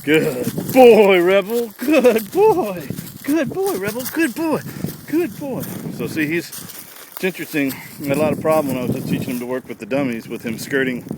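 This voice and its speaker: A man who trains dogs, explaining his methods in a plain, easygoing way outdoors by a pond on a windy ranch. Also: mid-range voice. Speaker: dog trainer. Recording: loud outdoor wind noise. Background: wind and outdoor noise.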